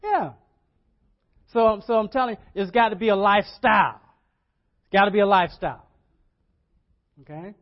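A man's voice: high-pitched, expressive, moderate pace, pauses often, dull audio. A man preaching a sermon as pastor, in a folksy, repetitive way, often asking the congregation questions.

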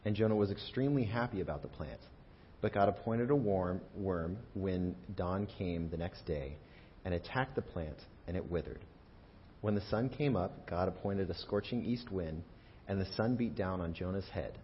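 A man preaching in a church, retelling scripture in a conversational, humorous, animated way. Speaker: pastor. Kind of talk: sermon. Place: church sanctuary. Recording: dull audio with faint rumble.

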